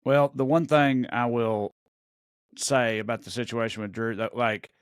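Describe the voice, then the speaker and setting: A man's voice: mid-range voice, clear, resonant tone, no room sound, clean studio sound. A man with a Southern US accent, co-hosting a podcast in loose, rambling banter full of fillers. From American South. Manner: rambling, drawn-out thoughts with many fillers. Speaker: podcast co-host.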